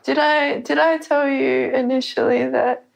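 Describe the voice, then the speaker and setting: A woman's voice: high voice, fairly even intonation, a little slow, vocal fry, poor audio. A woman interviewing her family, asking direct probing questions. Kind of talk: personal interview.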